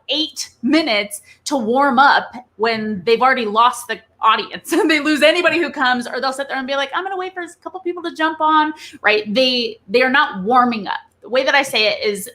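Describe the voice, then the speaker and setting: A woman guest in an interview, explaining a charisma framework in an animated coaching manner with frequent "right?" check-ins. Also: on the high side. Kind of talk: conversational interview.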